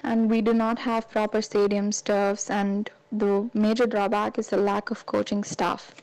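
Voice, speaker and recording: A woman's voice: mid-range voice, little pitch movement, unhurried, darkish tone, poor audio. A woman from India, a state football representative answering an interview in a careful, factual way.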